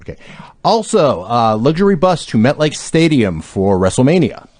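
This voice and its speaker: A male co-host reading out event plugs in a casual podcast chat, his pitch rising and falling freely. He trips over numbers and laughs at himself. His tone stays loose and self-deprecating. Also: very animated, moderate pace, darkish tone. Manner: self-deprecating, stumbling over read-out details.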